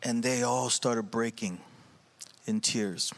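Male pastor, mid-range voice, earnest, halting delivery with fillers. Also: mid-range voice, fairly even intonation. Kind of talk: sermon reflection before communion.

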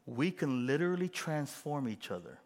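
Animated pastor preaching in a reverberant hall. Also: male voice, a little high, normal speed. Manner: animated, acts out quoted voices and gasps. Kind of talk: sermon.

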